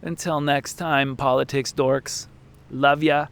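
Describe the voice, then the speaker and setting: A man's voice: medium pitch, steady tone, slow pace, creaky, a bit bright, clear, resonant tone. Profane, sarcastic male ranter. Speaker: political commentator. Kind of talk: ranting online commentary.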